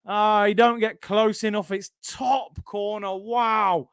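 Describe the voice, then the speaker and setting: A young man reacts live to a football match, his high voice jumping between chatty banter and excited shouts. His tone is smooth and clear, and it sits close and dry with almost no room sound. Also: slow pace, few pauses, no room sound. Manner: excitable, shouts and repeats himself at big moments, banter with chat. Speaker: football watchalong streamer.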